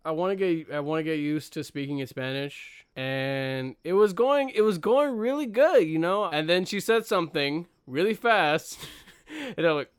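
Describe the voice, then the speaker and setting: Laid-back young podcast host. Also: male voice, a little high, lively intonation, normal speed, clear, resonant tone, no room sound, studio quality. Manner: laid-back, self-mocking, lots of fillers. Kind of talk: casual podcast chat.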